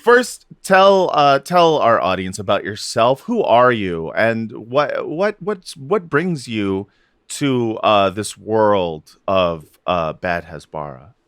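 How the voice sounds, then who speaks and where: Slow-talking joking man on a podcast. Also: fairly low pitch, expressive, fairly bright tone, clean tone, no echo, clean studio sound. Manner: joking, loose, with drawn-out questions. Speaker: podcast co-host. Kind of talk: casual comedic podcast chat.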